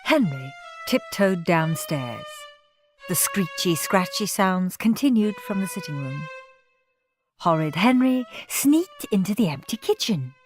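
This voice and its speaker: Woman narrator, children's audiobook, lively pitch, slow pace. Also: music in the background. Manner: expressive, unhurried. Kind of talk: storybook narration.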